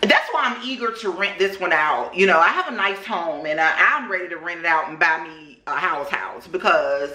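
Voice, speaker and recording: A woman vlogger telling a story to her viewers at home in an animated, chatty way, talking to them directly. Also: lowish voice, normal speed, hardly any pauses. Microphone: camera microphone. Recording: roomy echo.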